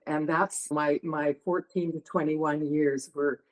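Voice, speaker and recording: A woman on a group video call sharing something personal, halting and restarting, with nervous laughs. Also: low voice, steady tone, rough recording. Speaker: call participant.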